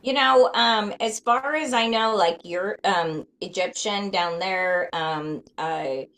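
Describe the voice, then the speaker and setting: A woman talking as a guest in a casual interview, chatty and quick with frequent fillers. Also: mid-range voice, a bit bright, rough recording. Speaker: guest, flour company founder.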